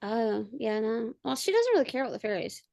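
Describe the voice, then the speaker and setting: A woman's voice: fairly high pitch, very animated, brisk, gravelly, darkish tone, no echo. A woman chatting casually on a video call, rambling with lots of fillers and restarts. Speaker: podcast co-host and parent. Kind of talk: casual chat.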